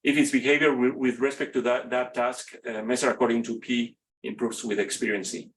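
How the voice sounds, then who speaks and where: With a mid-range, somewhat bright voice and fairly even intonation, a Spanish-accented man who grew up speaking Spanish delivers an unplanned course lecture in a classroom. His delivery is halting and full of fillers and restarts.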